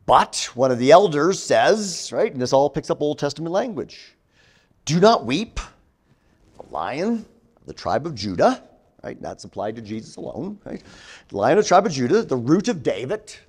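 A middle-aged man giving a classroom theology lecture, teaching with emphasis and often checking in with "right?". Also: medium pitch. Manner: animated teaching with frequent "right?" tags.

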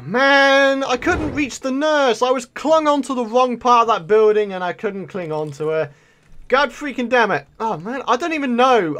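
A young man hosting a let's play, his voice pitched high and swinging widely as he chats through the action. His tone is bright and forceful, and he keeps up an excitable running commentary full of quick exclamations. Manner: chatty, excitable, exclaims often. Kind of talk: gameplay commentary.

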